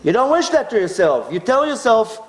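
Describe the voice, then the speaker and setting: A man's voice: very high voice, a little fast, roomy sound. A man from Israel, telling a personal story as a talk and acting out his own inner voice. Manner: animated, acts out his inner voice. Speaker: speaker.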